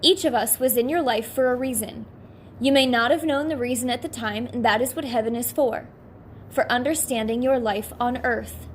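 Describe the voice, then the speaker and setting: A woman reads as a patient, unhurried guide in the afterlife, explaining things gently and evenly. The voice sits a little high, with a faint hiss behind it. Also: close to an everyday voice. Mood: calm. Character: calm, patient blue man, a heavenly guide.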